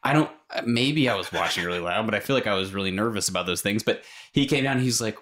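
A man's voice: on the low side, lively intonation, fast, fairly bright tone. A man in his thirties co-hosting a podcast, telling rambling stories and laughing along in casual chat. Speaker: podcast co-host.

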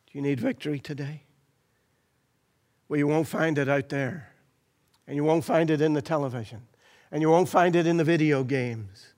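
A man preaching a sermon in a church, impassioned, swinging between loud declarations and hushed, near-whispered lines. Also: on the high side, normal speed, pauses often.

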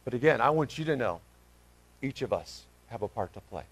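A middle-aged male pastor preaching a sermon, swinging from loud emphatic calls to soft, tender words. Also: mid-range voice, lively intonation, a little fast, poor audio.

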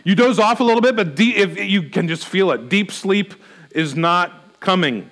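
A man's voice: high voice, moderate pace, a bit bright. A middle-aged man preaching a sermon as a pastor, earnestly voicing a string of anxious questions before turning to teaching.

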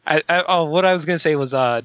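A mid-pitched man with a bright tone talks in a casual podcast chat, stammering over his words and giggling. His audio is dull and lo-fi, and it sounds dry with no room around it. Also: quick pace, clear, resonant tone, no echo.

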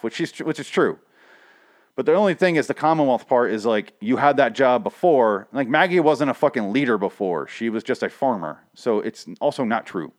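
Young male reviewer, profane and rambling, casual chat delivery with an ordinary mid-range voice. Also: mid-range voice. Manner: profane, rambling, with frequent fillers. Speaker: comic book reviewer. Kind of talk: casual recap commentary.

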